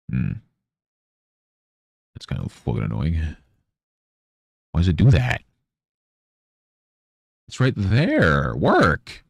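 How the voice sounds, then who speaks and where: A man's voice: deep voice, wildly swooping pitch, very slow, gravelly, long pauses, breathy edge, dry recording, clean studio sound. A man streaming, grumbling, swearing and muttering to himself about his setup. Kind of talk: casual livestream chatter.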